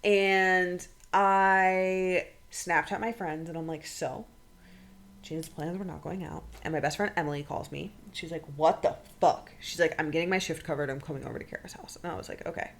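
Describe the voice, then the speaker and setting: A young woman with a fairly low voice tells a personal story on a podcast. She talks casually, swears often and acts out what others said in quick quoted bursts. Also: steady tone, gravelly, fairly bright tone. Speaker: podcast co-host.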